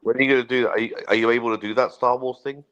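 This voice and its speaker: A man's voice: mid-range voice, fairly even intonation, rapid-fire, a bit bright, clear, resonant tone, muffled recording. A man chatting casually as a livestream guest, explaining things at some length.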